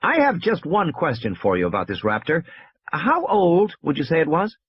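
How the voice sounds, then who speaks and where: A man's voice: on the high side, huge pitch swings, normal speed, husky, no echo, dull audio, voice pushed up, heavily acted. A man doing a precise, probing professor. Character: clipped, questioning adult male mathematician. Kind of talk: audiobook reading.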